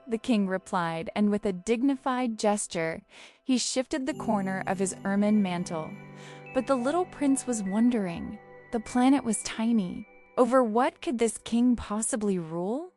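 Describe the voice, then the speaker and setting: A woman reads a classic children's story aloud in a calm, measured storybook voice. Her voice sits at a middle pitch, with a faint bed of music underneath. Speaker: audiobook narrator. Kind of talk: storybook reading.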